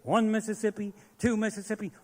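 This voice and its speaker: High-voiced ranting stand-up comic. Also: male voice, level tone, brisk. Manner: profane, ranting, shouts punchlines. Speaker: stand-up comedian. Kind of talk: stand-up comedy set. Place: live comedy stage in a large hall. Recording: live venue with long hall reverb.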